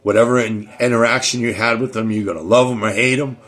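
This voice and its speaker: A man's voice: medium pitch, fairly even intonation, fast talker, fairly bright tone. A middle-aged man hosting his own show, talking casually in a rambling way, with many restarts and repeated words. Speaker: show host. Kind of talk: casual monologue.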